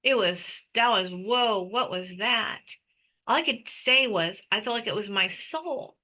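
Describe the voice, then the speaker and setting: A woman's voice: a little high, measured pace, bright, forceful tone, poor audio. A middle-aged woman giving an emotional personal testimony as an interview guest, talking intensely with frequent restarts and stammers.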